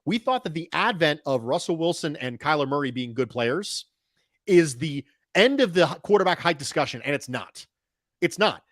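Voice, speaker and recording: A man's voice: a little high, expressive, normal speed, fairly bright tone, no room sound, clean studio sound. Emphatic man breaking down football. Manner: emphatic, repeats points for stress. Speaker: podcast football analyst. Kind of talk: casual sports podcast talk.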